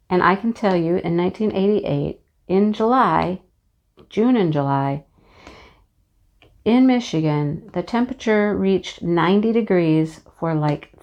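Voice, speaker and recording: Woman in her fifties, chatty storyteller, laughs often, lots of fillers, somewhat low voice. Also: darkish tone. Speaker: craft channel host. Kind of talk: casual personal storytelling.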